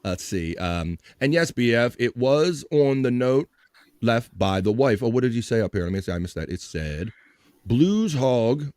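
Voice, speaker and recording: A man's voice: mid-range voice, expressive, moderate pace, darkish tone, smooth, dry recording. A man hosting a casual live stream, chatting and joking as he reads out viewers' messages. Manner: chatty, reads chat messages aloud, jokey.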